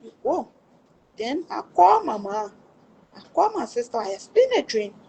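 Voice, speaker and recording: Middle-aged Liberian woman, high voice, emphatic and pleading, giving personal testimony. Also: big pitch swings, moderate pace, creaky, mellow, slightly rough. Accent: Liberian English. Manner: emphatic, pleading, swears before God. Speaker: livestream storyteller.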